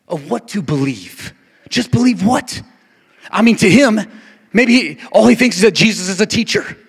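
High, gravelly preaching man. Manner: impassioned preaching that swings from shouts to near-whispers; repetitive, call-and-response cadence. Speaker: pastor. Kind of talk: Easter Sunday sermon.

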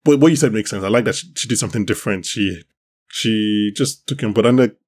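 A man's voice: fairly low pitch, fast talker, slightly rough. A man hosting a podcast, chatting casually and rambling, with many restarts. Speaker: podcast host. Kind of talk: casual chat about a TV show.

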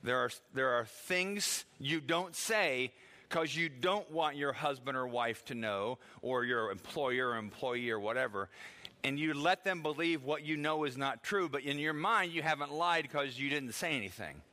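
A middle-aged male pastor gives a sermon in a bright, forward voice. He talks to the congregation like a conversation, acting out the voices of people he quotes, and laughs now and then. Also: mid-range voice, animated, normal speed.

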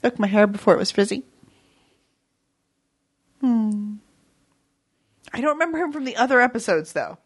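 A woman's voice: a little high, animated, normal speed, pauses often, slightly rough. A woman co-hosting a casual rewatch commentary, playful and teasing. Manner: playful, teasing, makes silly sounds. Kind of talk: casual chat watching a show.

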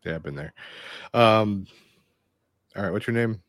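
Man, tabletop player, low voice, casual, playful. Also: animated, dry recording. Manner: casual, playful, voices his character in quick asides. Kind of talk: playing a tabletop game.

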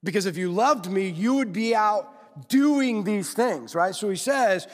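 In the long echo of a large church sanctuary, a male pastor with a high, animated voice preaches unhurriedly. He keeps the sermon conversational, repeatedly engaging the congregation with rhetorical questions.

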